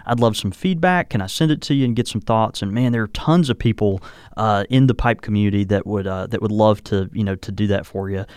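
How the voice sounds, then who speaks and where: A man with a smooth, resonant voice, co-hosting a relaxed podcast and rambling along with plenty of "uh" and "you know." The sound is dry and close to the mic, with no room around it. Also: on the low side, a little fast, no room sound. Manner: rambling, many fillers and restarts. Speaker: podcast co-host. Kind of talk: casual chat about pipes.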